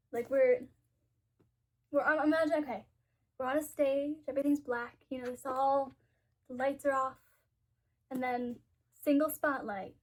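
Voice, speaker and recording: A woman book vlogger chatting casually, rambling and giggling as she thinks aloud, with a congested, stuffy voice. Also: high voice. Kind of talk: casual chat.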